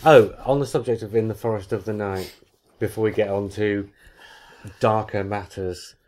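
Man, low voice, podcast co-host, casual chat, animated reading. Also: normal speed.

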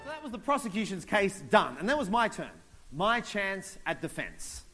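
A man doing stand-up storytelling in a high, bright, sharp voice. He is animated and slips into other characters' voices as he goes. Faint music sits behind him. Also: normal speed, breathy edge. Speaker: stand-up comedian.

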